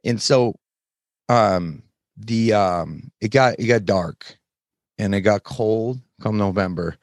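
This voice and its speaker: A man as a podcast guest, telling his story candidly in plain, frank words with halting restarts. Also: lowish voice, no echo, studio quality. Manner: frank, plain-spoken, occasional swearing; halting, many fillers and restarts while recounting.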